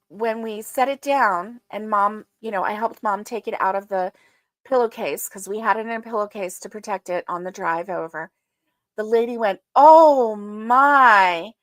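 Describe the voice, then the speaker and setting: A woman's voice: on the high side, fairly bright tone, dry recording. A woman hosting a casual livestream, chatting and rambling with many fillers and greeting her viewers. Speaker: livestream host. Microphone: streaming setup.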